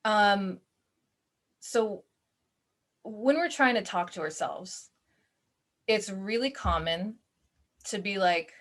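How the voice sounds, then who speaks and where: A woman's voice: mid-range voice, slow pace, long pauses, fairly bright tone. A woman teaching a live online class on self-awareness, talking casually and acting out bits of inner self-talk. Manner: casual, chatty, with fillers and acted self-talk.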